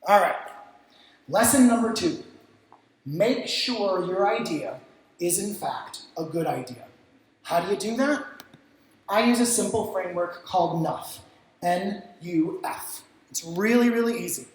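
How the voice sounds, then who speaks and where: A man speaking at a creative industry event, giving lively stage lessons and acting out what clients say and think. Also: high voice, a little slow. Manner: energetic, acts out clients' reactions, casual swearing. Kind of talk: stage talk with practical lessons. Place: event stage in a large, echoey venue. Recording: very echoey hall sound.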